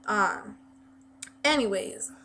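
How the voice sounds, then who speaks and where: A woman's voice: medium pitch, extremely slow, sharp tone, slight background noise. A woman vlogger telling a story casually, rambling with plenty of fillers and restarts.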